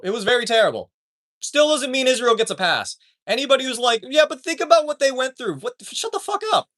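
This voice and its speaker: A man's voice: mid-range voice, fairly bright tone. A man streaming live, reading chat and ranting with heavy swearing. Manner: profane, ranting, reads chat aloud.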